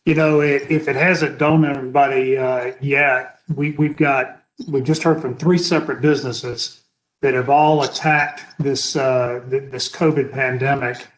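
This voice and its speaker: A man's voice: mid-range voice, fairly even intonation, measured pace, rough recording. A man moderating an online panel, easygoing and a bit repetitive with fillers. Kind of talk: webinar moderation.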